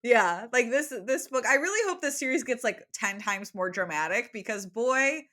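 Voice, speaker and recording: Bright, giggly young woman podcaster. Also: on the high side, animated, normal speed. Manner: giggly, playful, swears casually. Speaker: podcast co-host. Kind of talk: casual book podcast chat.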